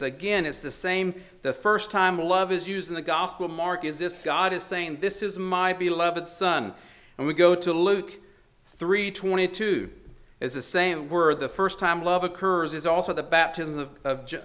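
A man's voice: fairly high pitch, unhurried, fairly bright tone. A man preaching a sermon in an earnest, emphatic way, his voice swelling and dropping for emphasis.

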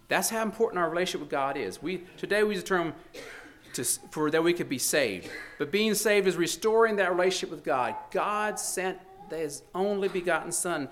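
A man's voice: high voice, lively intonation, normal speed, fairly bright tone. A man preaching a sermon in an earnest, emphatic way, his voice swelling and dropping for emphasis.

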